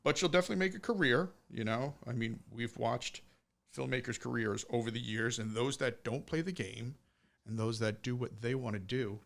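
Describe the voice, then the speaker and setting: Animated, swearing male podcast co-host. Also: medium pitch, normal speed, vocal fry. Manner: animated, swears freely, acts out quoted voices. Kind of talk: casual film chat.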